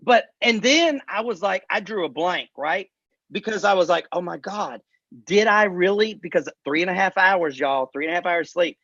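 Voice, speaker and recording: A man with a high voice co-hosts a casual chat show and tells stories with animation, calling out to his viewers as y'all. The sound is dull and lo-fi, and the recording is dry and close. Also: expressive, normal speed, bright, forceful tone, dry recording. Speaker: co-host.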